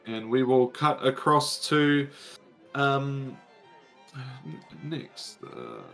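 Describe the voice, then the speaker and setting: A man's voice: medium pitch, steady tone, drawn-out words, creaky, fairly bright tone, soft background music. Hesitant male game master narrating. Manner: hesitant, many ums.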